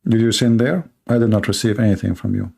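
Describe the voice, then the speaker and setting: A man hosting a live-streamed call-in debate, talking in a mocking, sarcastic way and laughing at his callers, with halting restarts. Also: on the low side, steady tone, gravelly, dark tone, slightly rough.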